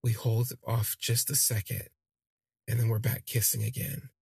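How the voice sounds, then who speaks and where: A man's voice: mid-range voice, steady tone, normal speed, vocal fry, darkish tone, slightly rough, no echo. A man casually telling a personal story on his podcast, candid and rambling, with lots of fillers. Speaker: podcast host.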